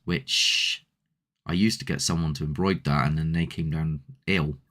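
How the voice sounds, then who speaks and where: Male host, deep voice, rambly live chat with viewers. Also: steady tone, moderate pace, fairly bright tone. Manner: rambling, chatty, answers viewer comments. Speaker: host of a paranormal channel. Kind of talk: casual live-stream chat.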